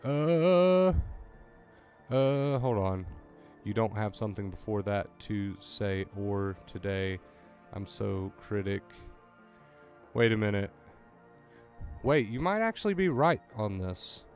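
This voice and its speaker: A man chatting casually on a livestream, excitable and talking to his chat, often repeating himself when flustered. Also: on the low side, slow pace, soft background music. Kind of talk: casual live-stream chat.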